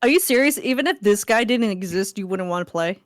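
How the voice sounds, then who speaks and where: A woman's voice: mid-range voice, lively intonation, brisk, dry recording, studio quality. A woman guesting on a podcast, playful and giggly, teasing as she chats. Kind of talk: casual chat.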